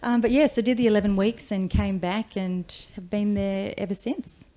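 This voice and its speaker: A woman's voice: mid-range voice, fairly even intonation, normal speed, mellow. A woman in her forties with an Australian accent, a firefighter telling her story in a casual interview, chatty and acting out quoted speech. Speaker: guest, firefighter.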